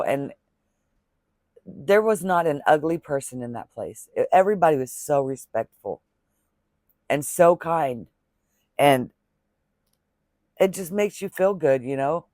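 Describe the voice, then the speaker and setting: A man's voice: fairly high pitch, expressive, measured pace, pauses often, a little mellow, dry recording. Earnest rambling man, dry close sound. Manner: religious blessings and thanks to viewers. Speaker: crochet vlogger. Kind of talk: casual talking-to-camera vlog chat.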